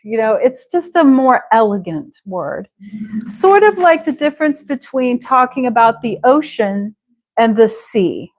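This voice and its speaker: Recorded roughly, a woman with a somewhat high voice runs a live online English class. Patient and slow, she draws out words to model their pronunciation.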